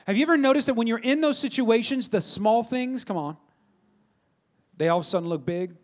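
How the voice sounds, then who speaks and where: A middle-aged pastor with a notably high voice delivers a sermon through a lively personal story. He talks in an animated, conversational way and keeps calling out to the congregation to draw them in. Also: a little fast.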